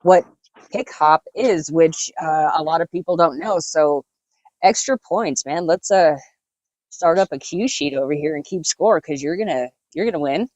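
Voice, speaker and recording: Podcast host, enthusiastic, casual swearing, mid pitch, dry close sound. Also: normal speed, a little mellow, no echo, poor audio.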